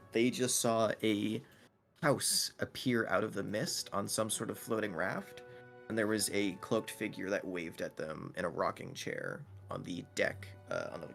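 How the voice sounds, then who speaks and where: A man's voice: lowish voice, gravelly, fairly bright tone. A young man narrating as game master for a tabletop game, casual and laughing often, with many fillers.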